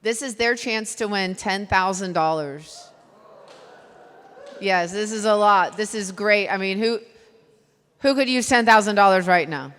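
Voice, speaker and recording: A woman's voice: mid-range voice, measured pace, pauses often, a bit bright, slight background noise. Texan woman emceeing in a reverberant hall. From Texas. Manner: chatty, self-deprecating, loose. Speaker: event emcee. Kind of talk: live event emcee remarks. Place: event hall.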